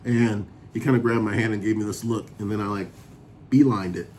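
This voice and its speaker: Low-voiced man casually telling his story. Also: fairly quick, a little hiss or hum. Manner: relaxed, chatty, laughs often while telling the story. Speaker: vlogger sharing a sobriety testimony.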